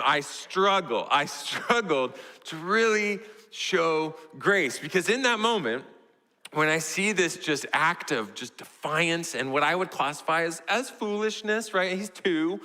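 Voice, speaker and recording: A young man with a Texan accent, a pastor telling a family story in a sermon, animated and storytelling. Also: measured pace. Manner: storytelling, animated, voices his toddler in a high squeal. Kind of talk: sermon illustration. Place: church sanctuary. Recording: church hall reverb.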